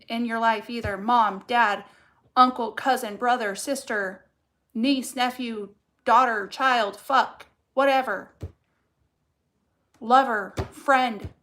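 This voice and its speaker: Blunt, fired-up woman with a highish voice. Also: fairly bright tone. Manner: blunt, heavy swearing, fired up. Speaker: tarot card reader. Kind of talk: casual collective reading.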